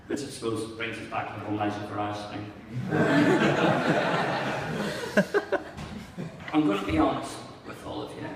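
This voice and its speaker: A man's voice: mid-range voice, wildly swooping pitch, unhurried, pauses often, very noisy. A young man with a Northern Irish accent doing a rambling, sardonic stand-up comedy set in a small venue. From Northern Ireland. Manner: rambling, self-deprecating, sardonic asides. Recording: distant mic, echoey hall, audience laughter.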